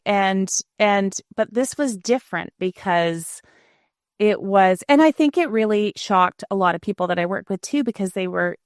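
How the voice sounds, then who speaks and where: A woman's voice: mid-range voice, clear, resonant tone, no echo, clean studio sound. A middle-aged woman, a former news anchor, talking frankly and reflectively as an interview guest, often restarting her sentences. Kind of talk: candid interview conversation.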